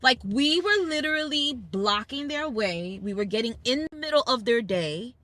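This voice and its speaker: A woman's voice: on the high side, normal speed, dry recording. A woman from Brooklyn with a New York accent, hosting a casual family chat in a car and telling stories with emphatic energy and acted-out quotes. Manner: animated storyteller, acting out quoted people, emphatic. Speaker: podcast host. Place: car on a school commute.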